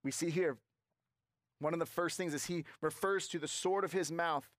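Man preaching with slow emphatic phrases. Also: fairly high pitch, fairly bright tone, dry recording, clean studio sound. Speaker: pastor. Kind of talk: sermon.

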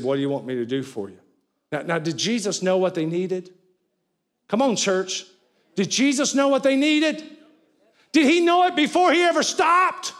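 Pastor, man, high voice, preaches loud then drops low, calls on the congregation to answer. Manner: swings between loud cries and low, quiet lines. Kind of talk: sermon. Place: church sanctuary with an audience, also streamed.

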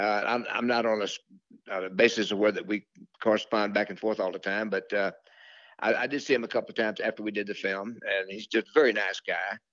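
An older man talks through his career in a low, unhurried voice, losing the thread now and then and circling back with fillers. The sound is dull and dry, with no room around it. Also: a bit bright, dry recording. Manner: rambling, many fillers and restarts. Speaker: country singer, interview guest. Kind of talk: relaxed storytelling interview.

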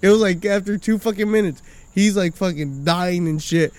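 A man's voice: sits high, moderate pace, a little mellow. A man casually telling a story in a studio, swearing constantly and acting out what people said. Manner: profane, laid-back storyteller, acts out quotes. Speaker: podcast co-host.

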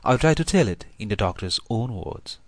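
Low-voiced male audiobook narrator. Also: animated, a little fast, no room sound.

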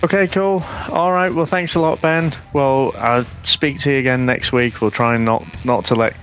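A man's voice: mid-range voice, steady tone, moderate pace, a bit bright, faint music behind. A man hosting a casual chat, giving brief encouraging replies and closing the episode. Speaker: host.

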